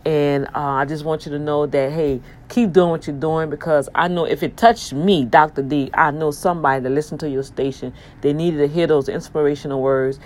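A woman's voice: deep voice, steady tone, normal speed, few pauses. A woman hosting her online radio show, thanking listeners in an effusive, preachy manner full of praise-God exclamations. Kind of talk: casual talk with listener shout-outs.

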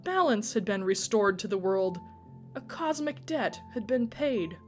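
A woman telling a story with an expressive, dramatic reading. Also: medium pitch, a little slow, soft background music. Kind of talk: storytelling narration.

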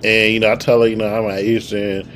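Speaking a bit quickly in a lowish voice, this twentysomething podcast co-host spins a casual, foul-mouthed story and performs the quoted dialogue with animation. There's a slight hiss or hum on the recording.

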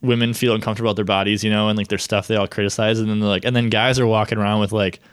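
A man's voice: lowish voice, little pitch movement, very fast, smooth, dry recording, studio quality. A man co-hosting a podcast, chatting casually and rambling with many fillers. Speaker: podcast co-host. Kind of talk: casual chat.

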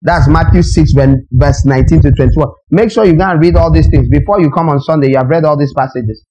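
Man, pastor's sermon, fairly high voice, dull lo-fi recording. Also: fairly quick, background noise. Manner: emphatic, questioning the congregation directly.

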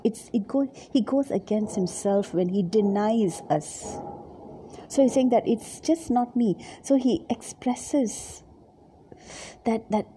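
A woman with a deeply mellow, dark-toned voice leads a devotional Bible reflection. She speaks gently and haltingly, often repeating words, and sometimes sinks into a soft whisper. A faint noise sits under her voice. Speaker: Bible teacher.

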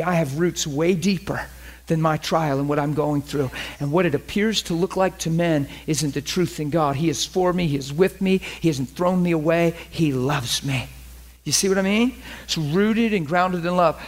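High-voiced man teaching scripture. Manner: earnest, keeps checking listeners follow. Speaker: Bible study teacher. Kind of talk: informal Bible study teaching.

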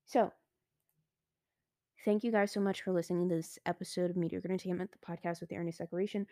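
A teenage girl hosting her own podcast, talking casually and excitedly with lots of "like" and "I was like", recorded close and dry. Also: lowish voice, quick pace, no echo. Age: teens. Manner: chatty and excitable, heavy use of "like" and "I was like". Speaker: podcast host. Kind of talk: casual solo podcast monologue.

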